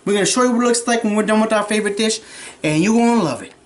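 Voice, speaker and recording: A man's voice: high-pitched, rapid-fire, close to an everyday voice. A man playing a folksy redneck cooking-show host, boastful and bossing his cameraman around in a home kitchen. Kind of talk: comic cooking demonstration. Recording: roomy kitchen echo.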